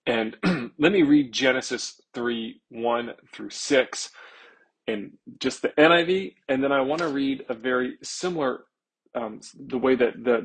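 Male pastor, earnest sermon delivery, gravelly and husky tone. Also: mid-range voice, rough recording. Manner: earnest, stretching key words slowly for emphasis.

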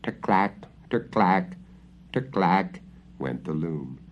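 A man reading a fairy tale aloud in an expressive, dramatic storybook style. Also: sits low, takes it slowly, a little hiss or hum. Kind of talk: storybook narration. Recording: dull lo-fi recording.

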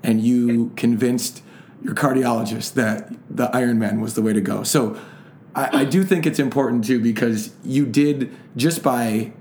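A man hosting an interview, setting up questions in a supportive, measured way. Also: medium pitch, fairly even intonation, a little mellow, reverberant, a little hiss or hum. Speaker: host.

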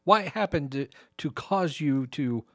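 A man's voice: a little high, expressive, measured pace, dry recording, studio quality. A man co-hosting a podcast, chatting casually and teasing his co-host. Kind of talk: casual chat.

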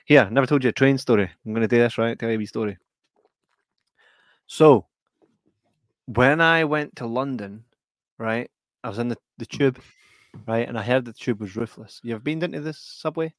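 A man's voice: mid-range voice, moderate pace, pauses often, no room sound, clean studio sound. A man co-hosting a casual chat, telling funny stories and breaking into heavy laughter. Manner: laughs heavily while telling anecdotes. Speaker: podcast co-host.

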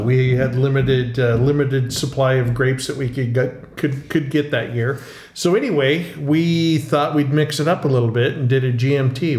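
A middle-aged man, a winery co-owner, answering interview questions in a casual, halting way with many fillers and restarts, recorded in a tasting room. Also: mid-range voice, darkish tone. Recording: roomy tasting room, faint hum.

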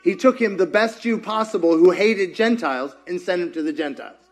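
A man preaching a sermon as pastor, animated and acting out quotes with humor. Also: high-pitched, brisk. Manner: animated, acts out quotes, jokes with co-speaker.

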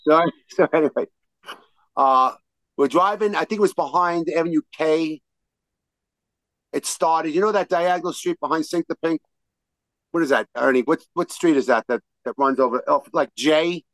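High-voiced man telling a wild story. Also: normal speed, pauses often, no room sound, rough recording. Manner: animated, profane, shouts out quotes mid-story. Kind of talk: casual storytelling among old friends.

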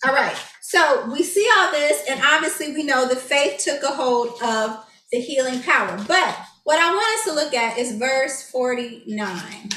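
A woman's voice: high-pitched, lively intonation, a little slow, bright, forceful tone. An enthusiastic woman teaching a Bible study, reading scripture aloud and explaining it in chatty, filler-filled talk. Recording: echoey room, distant mic.

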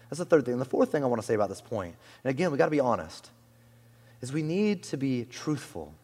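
A man preaching a sermon in a conversational, animated way, often saying "like" and "you know", in a church hall. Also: medium pitch, breathy edge. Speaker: pastor.

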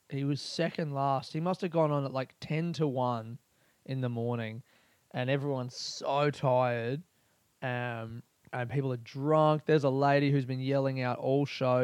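A man's voice: medium pitch, darkish tone, smooth, dry recording. A young man, a comedian, talking through a candid, rambling personal monologue full of fillers and swearing. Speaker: comedian podcast host.

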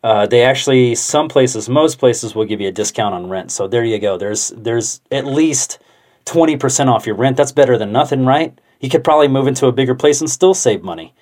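A man's voice: medium pitch, animated, a little fast, darkish tone. Chatty rambling man. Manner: chatty, self-talking, swears casually. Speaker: vlogger. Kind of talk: casual rambling monologue.

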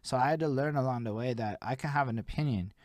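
A man's voice: mid-range voice, quick pace, darkish tone, dry recording. A young man from Montreal hosting a casual interview, talking loosely with lots of slang and swearing. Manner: swears freely, laid-back slang with "yo". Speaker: interview host.

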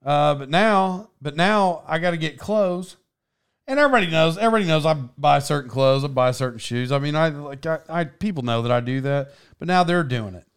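A man's voice: fairly high pitch, animated, fairly quick, smooth. A man telling rambling stories in casual chat, laughing as he goes.

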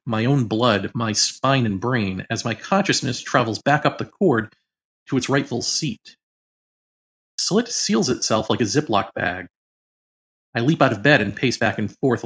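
A man narrating his own memoir in first person, measured and dramatic, turning frantic at the tense moments. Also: medium pitch, a bit bright. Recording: muffled lo-fi recording.

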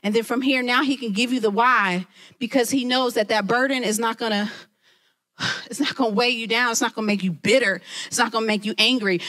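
A woman who leads a ministry, preaching a lively sermon and talking straight to her listeners. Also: on the high side. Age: adult, mother of children. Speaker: women's ministry leader.

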